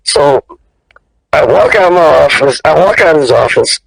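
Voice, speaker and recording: A male actor telling stories as an interview guest, lively and profane, jumping up in pitch when he quotes people. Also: normal speed, vocal fry, husky, no room sound, low-quality recording. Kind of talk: animated storytelling in an interview.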